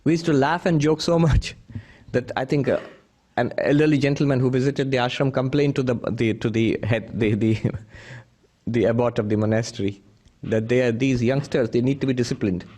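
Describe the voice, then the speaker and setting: A man's voice: mid-range voice, steady tone, normal speed, dark tone. A man who is a monk, giving a spiritual talk full of anecdotes, chuckling often as he tells them. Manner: chuckling storyteller, many restarts. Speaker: monk teacher.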